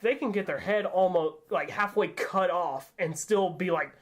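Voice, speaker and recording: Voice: medium pitch, normal speed. A podcast co-host in casual chat who eagerly explains the lore and corrects the others. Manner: explains lore eagerly, often starting with "here's the thing".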